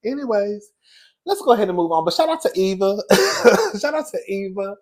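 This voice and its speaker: A man hosting casual gossip commentary, chatty and animated, calling listeners "girl" and "baby.". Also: high voice, fairly quick. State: out of breath. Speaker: commentary host.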